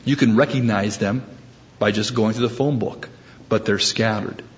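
A man's voice: on the low side, normal speed, highs cut off. A male preacher giving a sermon in a conversational way, with frequent restarts, moving between teaching and storytelling.

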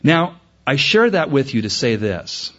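A pastor preaching to his congregation, his voice a little husky and his delivery animated, jumping upward on key points. The recording sounds dull and muffled, like an old sermon tape. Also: a little slow. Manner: animated, rising in pitch when emphatic. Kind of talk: sermon storytelling.

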